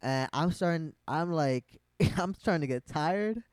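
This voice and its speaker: A man casually telling a long personal story, rambling with lots of fillers and plenty of swearing, growing animated at the peaks. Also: on the high side, unhurried, smooth, dry recording. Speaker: vlogger.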